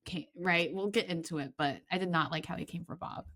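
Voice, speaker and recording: A woman's voice: on the low side, a little fast. Chatty woman podcast co-host. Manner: chatty, animated, quoting people in reenacted asides. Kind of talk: casual chat.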